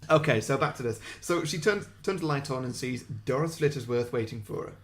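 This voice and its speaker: A young man co-hosting a podcast, pitching a film sequel in a self-deprecating, giggly way. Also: fairly quick, slight background noise. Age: young adult. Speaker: podcast co-host. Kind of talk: comic story pitch.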